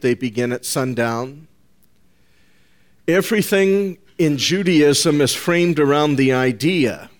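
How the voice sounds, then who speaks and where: Slow, emphatic male preacher. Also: medium pitch. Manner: emphatic, deliberate preaching with repeated phrases; addresses listeners as folks. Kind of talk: sermon.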